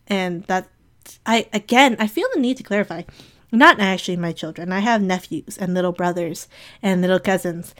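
Gushing, rambling woman, sniffling. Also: mid-range voice. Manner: gushing, affectionate, giggly, rambling. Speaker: community member giving shout-outs. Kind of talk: rambling casual monologue.

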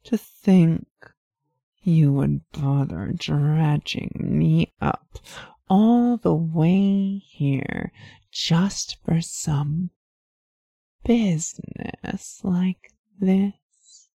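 A woman voicing a seductive, teasing female demon who speaks in a slow, purring way. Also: low-pitched, vocal fry, mellow, no echo, exaggerated voice. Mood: mock disappointment.

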